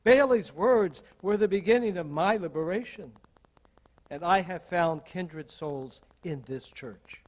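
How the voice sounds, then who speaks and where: An older associate minister delivers a sermon in a measured, deliberate way, posing strings of rhetorical questions. His voice sits high, and the recording is rough.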